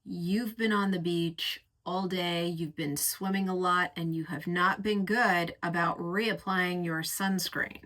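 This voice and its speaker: A woman with a low-set but bright, forceful voice reviews perfumes in an unhurried, chatty way. She lingers over each word and gushes about the scents with vivid, sensual imagery, taking her time to let each phrase land. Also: steady tone. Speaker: fragrance reviewer. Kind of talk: casual reviewing chat.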